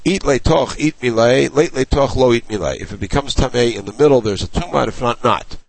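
A man's voice: medium pitch, fairly quick, vocal fry, dry recording, low-quality recording. A man giving a Talmud lesson, reading short Aramaic phrases and explaining each one in English, often in a stop-start way. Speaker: Talmud teacher.

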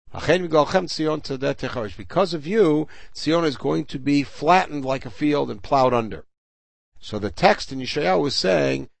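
In a creaky, medium-pitched voice, an older man leads a Talmud class, reciting the Hebrew and Aramaic and explaining every line in English. The sound is dry.

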